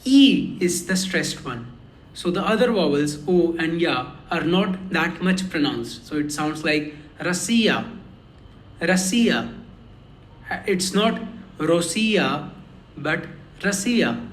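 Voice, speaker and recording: Male tutor, high voice, slow and careful delivery with many repetitions, echoey room. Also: lively intonation, a little hiss or hum. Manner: slow and careful, repeats words for pronunciation. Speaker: language learner teaching lessons. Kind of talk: slow explanatory lesson.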